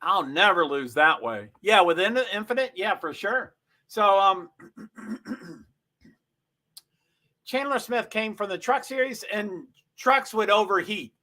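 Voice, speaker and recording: A man's voice: high voice, animated, slow, pauses often, sharp tone. A man hosting a casual livestream, chatting with viewers, thinking aloud and reading race stats off the screen. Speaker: livestream host.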